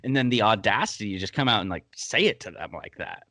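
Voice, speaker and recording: A man's voice: lowish voice, lively intonation, quick pace, sharp tone, dry recording, clean studio sound. Blunt, heated man hosting a show chat. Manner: heated, blunt, swears freely. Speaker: podcast host. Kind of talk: casual TV episode breakdown chat.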